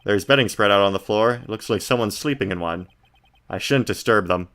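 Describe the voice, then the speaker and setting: A man's voice: fairly quick, a bit bright. A man streaming a game, reading the game text aloud in a casual, laid-back way, often murmuring his asides. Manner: laid-back, reads descriptions in a low murmur.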